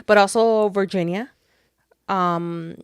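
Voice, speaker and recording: A woman co-hosting a casual podcast at a middling pitch. She retells a story in a loose, rambling way, full of fillers, restarts and swearing. Her voice sounds dry and close. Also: fairly even intonation, slow, smooth, no room sound. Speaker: podcast co-host. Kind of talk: casual chat.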